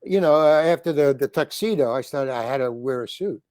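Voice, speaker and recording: Heard in studio-quality audio with no room sound, this older man speaks fairly quickly in a mid-range, slightly mellow voice. He's a comedian and actor on an interview, spinning rambling stories with many restarts and performing the lines he quotes.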